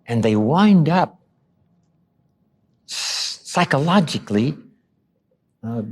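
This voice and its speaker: An older man giving a motivational seminar talk, acting out quoted lines with dramatic pauses. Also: medium pitch, animated, breathy edge. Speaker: motivational speaker.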